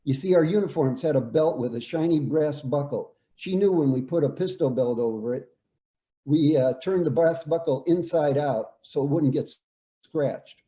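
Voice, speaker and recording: An older man, a veteran, reading out his own war story in a measured, plain way. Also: a little high, warm tone. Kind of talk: reading a prepared personal story. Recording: echoey room.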